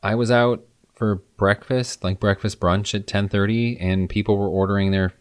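A man's voice: fairly low pitch, steady tone, normal speed, clear, resonant tone, no room sound, clean studio sound. A man from the Midwest, chatting casually and telling stories with enthusiasm. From American Midwest. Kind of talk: casual chat.

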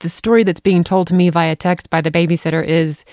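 A woman's voice: fairly low pitch, brisk, no echo, studio quality. A middle-aged woman, a podcast co-host, telling a family story in casual chat and acting out the voices she quotes. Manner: animated, acts out quoted voices.

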